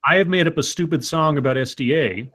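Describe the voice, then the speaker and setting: Male cohost, slightly high voice, dry wit, halting casual delivery. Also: fairly bright tone. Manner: wry, joking, hesitant restarts. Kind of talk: casual livestream chat.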